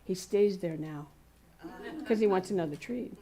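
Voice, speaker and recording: A woman's voice: fairly low pitch, normal speed. A woman speaking at a spiritual community service, telling everyday stories in a conversational sermon with laughter and playful voices. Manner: warm anecdotal storytelling with laughs and playful quoted voices. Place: community center hall.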